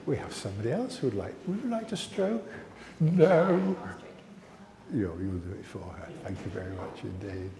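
A man, a licensed lay minister, leading a family service with a puppet, gentle and coaxing with children. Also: lowish voice, creaky. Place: church. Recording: echoey church hall.

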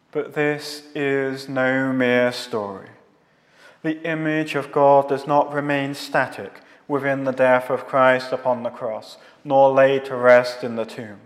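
Solemn man preaching in a reverberant hall. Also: medium pitch. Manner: measured, solemn, rhetorical lists. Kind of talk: scripted theological sermon.

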